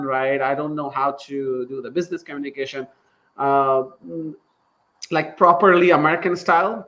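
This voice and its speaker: A man in his thirties with a Pakistani accent, a company founder telling his story in a casual interview, animated and acting out what people said. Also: a little high, rough recording. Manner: animated, acts out quoted dialogue, laughs while telling.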